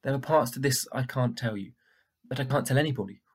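A man's voice: medium pitch, fast talker, husky, close to an everyday voice. A man playing a frightened young boy. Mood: pleading. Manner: pleading, defensive.

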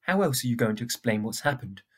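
A man voicing a sharp, stubborn young girl in a storybook reading, in a husky, raised voice. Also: medium pitch, animated, fast. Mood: angry. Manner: raised, insistent questioning.

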